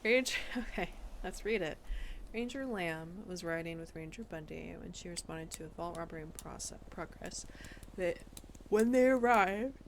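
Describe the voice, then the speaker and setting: Gravelly-voiced woman streamer reading aloud. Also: on the low side, slight background noise. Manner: incredulous, breaks into laughter and asides while reading. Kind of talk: casual live-stream commentary, reading documents aloud.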